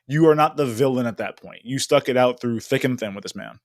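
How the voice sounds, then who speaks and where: A man's voice: mid-range voice, a little fast, dry recording. Guy guest on a recap podcast, blunt and emphatic, dry sound. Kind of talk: casual recap chat.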